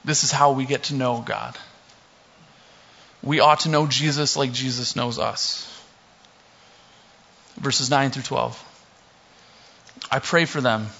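A man's voice: medium pitch, slow, creaky, pauses often. A young man preaching a casual sermon, reading scripture and slipping in joking asides. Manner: relaxed, joking asides, many fillers. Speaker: pastor. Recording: dull lo-fi recording.

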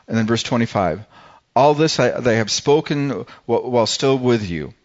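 A man's voice: mid-range voice, lively intonation, moderate pace, a little mellow, lo-fi sound. A man preaching a sermon in a casual, conversational way, often restarting and repeating words. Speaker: pastor. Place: church service.

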